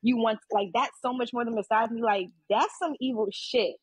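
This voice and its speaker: Woman guest, high-ish husky voice, quick rambling chat over a video call. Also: steady tone, no room sound, poor audio. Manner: rambling, lots of fillers, candid. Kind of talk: casual panel chat.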